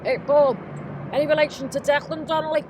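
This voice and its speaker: A woman's voice: high-pitched, fairly even intonation, fairly quick, close to an everyday voice. A woman playing a chatty, rambling Liverpool woman with a shopping trolley, who keeps butting in with her own stories during a comedy sketch on a city street. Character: gossipy Scouse woman pushing a shopping trolley. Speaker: comic presenter. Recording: outdoor street with traffic noise.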